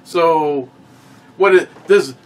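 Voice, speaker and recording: A man co-hosting a casual chat, ranting and swearing as he tells animated stories. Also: fairly high pitch, drawn-out words. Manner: ranting, profane, animated storytelling. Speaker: podcast co-host.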